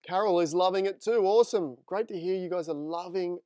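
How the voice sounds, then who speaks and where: Upbeat male photo tutor, crisp clear voice. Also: high-pitched, fairly quick, mellow, no room sound, dull audio. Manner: friendly, chatty, talks to live viewers. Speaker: photography instructor. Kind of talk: live screen-share tutorial.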